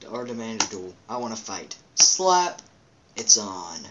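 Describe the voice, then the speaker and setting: A man's voice: fairly low pitch, normal speed, sharp tone, low-quality recording. A man hosting a let's play, reading game captions aloud with goofy asides and playful quack and meow noises. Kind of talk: casual game commentary.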